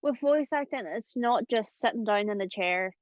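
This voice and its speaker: A woman's voice: a little high, lively intonation, moderate pace, dry recording, dull audio. A woman hosting a casual chat about voice acting, talking chattily with lots of fillers and laughs. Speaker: host.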